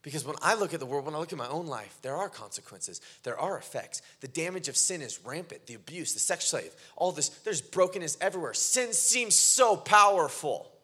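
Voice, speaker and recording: A male pastor delivering a sermon to a congregation. His voice sits high and sounds bright and forceful. He moves from quiet storytelling to fervent, emphatic preaching. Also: lively intonation, fairly quick, few pauses, husky.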